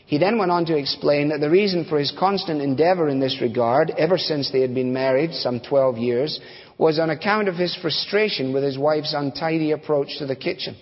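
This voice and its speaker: Delivering a storytelling sermon, this American preacher keeps it chatty and folksy, full of fillers and side comments. He speaks a little fast in a voice on the higher side. The recording sounds dull and carries a long hall reverb.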